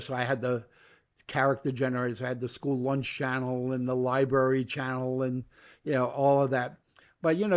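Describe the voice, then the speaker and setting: An older man from New York, a guest in an interview, telling long stories and acting out the dialogue as he goes. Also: medium pitch. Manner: animated storyteller acting out quoted dialogue. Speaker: guest, media entrepreneur. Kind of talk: storytelling interview.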